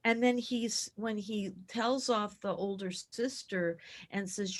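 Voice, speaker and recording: A woman co-hosting a film club, discussing a film and acting out its scenes in a lively way. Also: medium pitch, takes it slowly, few pauses. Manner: animated, acts out film scenes. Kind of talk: casual chat.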